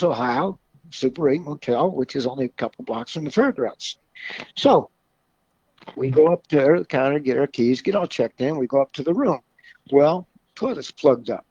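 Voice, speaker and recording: A man's voice: mid-range voice, darkish tone, husky, dry recording, muffled recording. A man guest from a car club telling folksy stories in a casual way, often laughing at his own tales. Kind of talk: casual storytelling.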